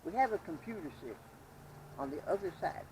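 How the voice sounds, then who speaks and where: A middle-aged man, homeless, telling an animated story outdoors in casual, salty street talk. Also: fairly high pitch, quick pace, a little hiss or hum, rough recording. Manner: animated, swears freely, slips into voices of people he quotes. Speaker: homeless man being interviewed.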